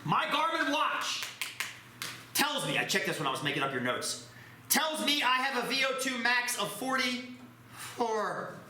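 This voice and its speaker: A man teaches a math class, working through problems with his students while joking and poking fun at himself. His voice is very high and a little slow, pushed and bright with big pitch swings. The classroom is echoey, with a slight hiss or hum.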